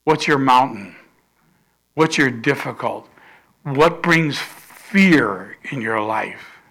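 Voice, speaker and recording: Male pastor, sermon, slow deliberate delivery, bright edge, swings between loud peaks and hushed lines. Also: medium pitch, expressive. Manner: emphatic preaching with sudden loud rises and soft drops; acts out quoted voices in storytelling.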